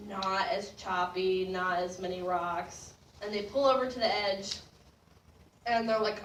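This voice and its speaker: A young woman telling a personal story in a casual, animated way, laughing and getting louder as it builds. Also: medium pitch, unhurried, slight background noise. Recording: roomy distant mic with faint ambience.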